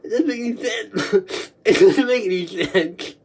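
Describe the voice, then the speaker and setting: A woman reliving a memory aloud, halting and repetitive, coughing between phrases and swinging between laughing and crying. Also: mid-range voice, darkish tone, a little hiss or hum.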